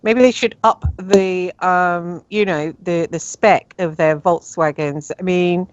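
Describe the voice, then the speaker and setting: A woman's voice: lowish voice, fairly even intonation, takes it slowly, clean tone, no room sound, dull audio. A woman with an English accent hosting a radio show, chatting casually and with some exasperation, with many fillers.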